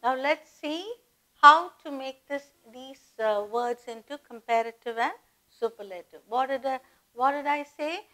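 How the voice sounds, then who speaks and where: A woman with an Indian English accent teaching a grammar lesson, dictating word lists in a deliberate way. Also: sits high, bright, forceful tone, poor audio. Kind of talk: slow classroom grammar lesson.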